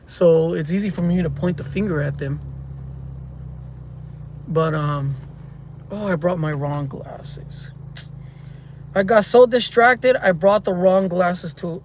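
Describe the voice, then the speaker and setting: A man with a high, unhurried voice vlogs from his car while stuck in traffic, rambling and venting to viewers he addresses as "guys." A dash-mounted phone records him, and faint road hum fills the car interior.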